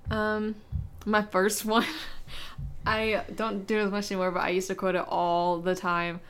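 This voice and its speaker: A young woman with a medium-pitched voice chats in a relaxed way on a podcast. She laughs often and reads her list out at an even pace, then spins a longer story in the same easy tone. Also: normal speed, clean tone. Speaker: podcast co-host. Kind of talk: casual chat.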